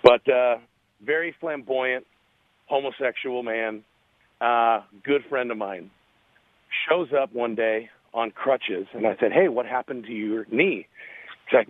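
An earnest man telling a story in an animated way, his voice squeezed through a tinny phone line. The sound is dry and close. His pitch sits in an ordinary middle range. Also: unhurried, no echo. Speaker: guest. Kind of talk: radio interview, storytelling.

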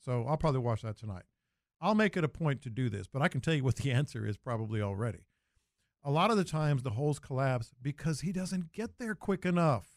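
A man's voice: medium pitch, lively intonation, brisk, dry recording. A man hosting a sports talk radio show, chatting casually and often restarting his sentences.

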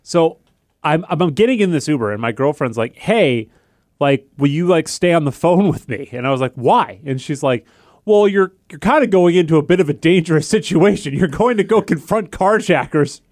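Young male podcast co-host, slightly high voice, lively storyteller, dry close mic. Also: moderate pace, no room sound. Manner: animated storyteller acting out quoted voices. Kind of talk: casual chat, storytelling.

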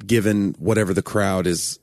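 A man's voice: deep voice, fairly even intonation, moderate pace, a little mellow, no room sound, clean studio sound. A man from Knoxville, Tennessee with a toned-down East Tennessee Southern accent, co-hosting a podcast in casual, joking banter and acting out quoted voices. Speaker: podcast co-host.

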